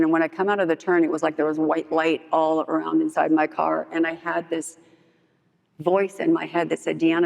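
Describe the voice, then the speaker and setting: Middle-aged woman, gravelly, lively storyteller at a meeting, hall reverb. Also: sits low. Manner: animated storytelling, acts out quotes. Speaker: speaker at a recovery meeting. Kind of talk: personal story told to a group.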